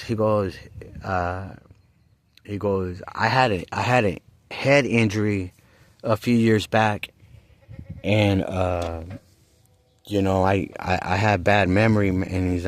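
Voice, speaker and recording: A man's voice: sits low, steady tone, measured pace. A man casually telling a personal story in a rambling way, with frequent restarts and streetwise slang.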